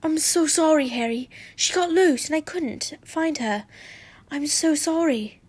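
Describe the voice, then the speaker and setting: A woman's voice: high-pitched, measured pace, pitched above the performer's own voice. A woman reading as an apologetic teenage boy.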